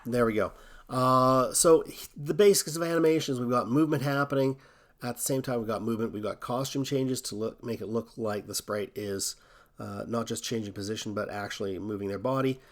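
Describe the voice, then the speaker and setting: A man hosting a coding tutorial, thinking aloud in a relaxed way as he walks through a screen recording. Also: mid-range voice, a little fast.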